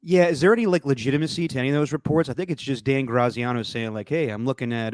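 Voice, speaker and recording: A man co-hosting a sports podcast, jokey and excitable, stumbling over his words. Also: medium pitch, fast, few pauses, no echo, clean studio sound. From Italian heritage. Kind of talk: casual chat.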